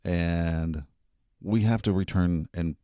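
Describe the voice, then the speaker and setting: A man's voice: low voice, slow pace, mellow, no room sound, studio quality. A male podcast host giving earnest, casual commentary with fillers and some laughs.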